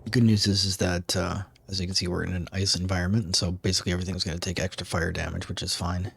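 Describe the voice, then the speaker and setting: Low-voiced man casually narrating his gameplay. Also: quick pace, vocal fry, breathy edge. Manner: relaxed, chatty, frequent "um" and "basically". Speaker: gaming streamer.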